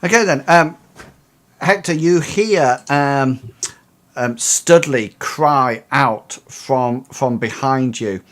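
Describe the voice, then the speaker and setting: A man narrating a tabletop role-playing game as game master, halting and full of restarts. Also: medium pitch, a bit bright. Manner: hesitant, many fillers and restarts.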